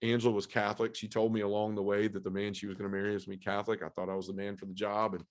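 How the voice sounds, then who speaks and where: A man sharing an emotional personal testimony as a podcast guest, earnest and halting, with many fillers. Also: lowish voice, little pitch movement. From Memphis area, US South.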